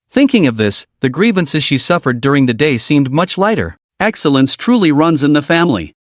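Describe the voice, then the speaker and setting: Lively man narrating a story recap. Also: fairly high pitch, dry recording, clean studio sound.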